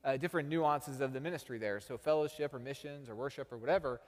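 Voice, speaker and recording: A man's voice: mid-range voice, quick pace, big-room sound. A man from Texas, a pastor telling a story in a sermon with self-deprecating humor.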